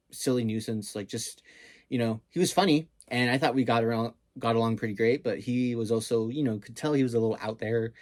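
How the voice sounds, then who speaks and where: A man's voice: mid-range voice, no echo, clean studio sound. A man casually telling a story, rambling with many fillers and some swearing.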